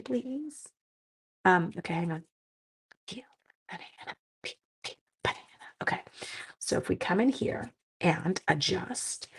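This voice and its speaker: A middle-aged woman hosts a live stream as she crafts, her voice slightly hoarse and cracking at moments. She chats with her viewers casually, with plenty of self-mocking humor. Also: mid-range voice. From Canada. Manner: chatty, self-mocking, talks to viewers while working. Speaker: papercraft live-stream host.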